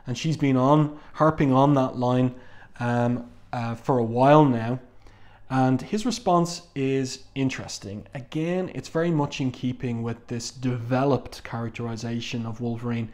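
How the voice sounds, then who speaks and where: Man, mid pitch, measured delivery, comic review, frequent filler pauses. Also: steady tone, a little mellow.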